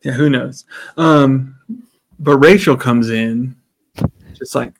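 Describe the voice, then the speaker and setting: A podcast co-host speaks slowly in a medium-pitched voice, casually recapping a TV episode scene by scene and performing the characters' lines. There's slight background noise.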